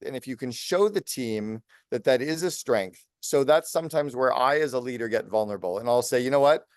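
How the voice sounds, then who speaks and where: A man in his late fifties, a business coach speaking as a podcast guest, talking fast and energetically in long lists. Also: mid-range voice, lively intonation, no room sound, clean studio sound. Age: 50s. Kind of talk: podcast interview.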